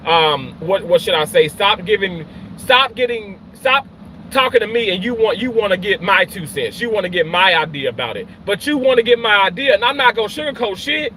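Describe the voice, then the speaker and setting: A man who works in healthcare, ranting in an emotional vlog, swinging from loud yelling to quiet, halting talk, often repeating himself and swearing. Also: sits high, lively intonation, a little hiss or hum, rough recording. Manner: repeats and restarts phrases, swears. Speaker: healthcare worker.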